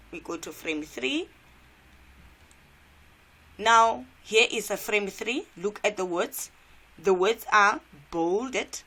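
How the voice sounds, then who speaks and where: A woman's voice: medium pitch, sharp tone. A woman from South Africa, an English teacher, walking students through a cartoon step by step in a revision lesson and asking them questions.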